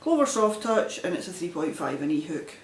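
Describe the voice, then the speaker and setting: In a very animated, slightly fast voice, a Scottish woman meanders through a casual show-and-tell of her crafts on her video podcast, chatty and self-deprecating. The room echoes and a faint rumble sits underneath.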